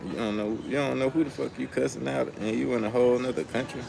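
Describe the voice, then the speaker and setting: Gravelly-voiced man livestreaming on the street. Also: medium pitch, fairly even intonation, quick pace. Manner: loose slangy storytelling, talks to chat. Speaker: livestream host. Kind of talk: casual livestream chat. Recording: music playing loudly behind.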